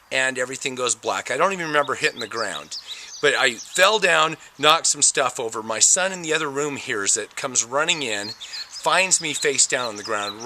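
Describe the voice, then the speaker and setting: A man giving a personal testimony about a near-death experience, telling it in an animated way and acting out the moments. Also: mid-range voice, a little hiss or hum.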